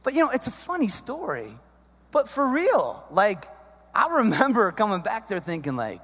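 A man in his thirties telling a comic story, chummy and animated, talking to the guys. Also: high voice, unhurried, breathy edge. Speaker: comedic storyteller. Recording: echoey hall, long reverb.

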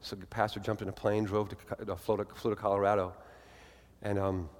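A man's voice: lowish voice, flat delivery, brisk. A man preaching a sermon as a pastor, telling a story earnestly and then urging listeners and leading a prayer, in a large church. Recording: long hall reverb.

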